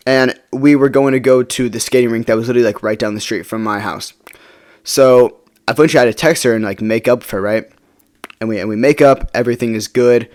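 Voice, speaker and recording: A man's voice: medium pitch, steady tone, fairly quick, darkish tone. A young man telling a personal story in a casual vlog, rambling and checking in with the listener with "right?". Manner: rambling, many fillers like "right?".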